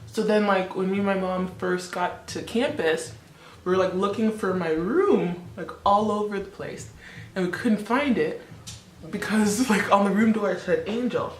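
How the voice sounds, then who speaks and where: A woman's voice: medium pitch, normal speed, echoey room, a little hiss or hum. A woman in her twenties, born in Congo and raised in Canada, chatting casually and laughing often as she does her makeup. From born in the Democratic Republic of Congo, raised in Canada. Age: 20s. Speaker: beauty vlogger. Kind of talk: casual chat while doing makeup.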